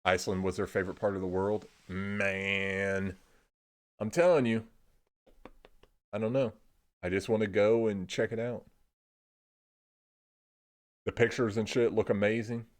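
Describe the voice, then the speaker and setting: A man's voice: fairly low pitch, fairly even intonation, measured pace, pauses often. A young man from Indiana streaming casual rambling chat, laid-back, swearing freely and trailing off into "I don't know.". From Indiana, USA.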